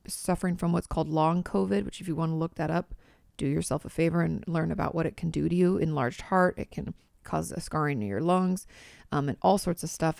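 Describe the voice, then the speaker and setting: A woman's voice: lowish voice, vocal fry, a little mellow, no echo, studio quality. A woman in her thirties hosting an advice podcast as a therapist, direct and reassuring, with some casual swearing. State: a bit shaky from shaking her body while talking.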